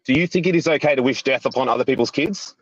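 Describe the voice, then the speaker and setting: A man's voice: medium pitch, fast, dry recording. A man from Australia calling into a live podcast, insistent and accusing as he argues with the host. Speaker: caller. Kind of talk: heated live podcast argument. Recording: muffled call from far off over loud crowd.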